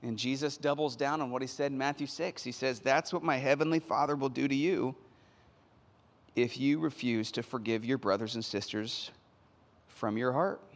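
A man preaching a sermon as pastor, retelling scripture in an animated, conversational way. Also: mid-range voice, normal speed. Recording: long hall reverb.

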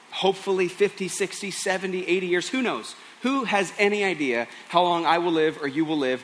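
A man's voice: sits high, fairly bright tone, slight background noise. A male pastor preaching a sermon, earnest and pleading as he tells a story.

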